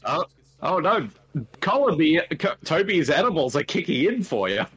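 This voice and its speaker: A man's voice: on the high side, moderate pace, slightly rough. A man with an Australian accent, co-hosting a casual movie watch-along podcast and joking around. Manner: jokey, animated, laughs often. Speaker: podcast co-host.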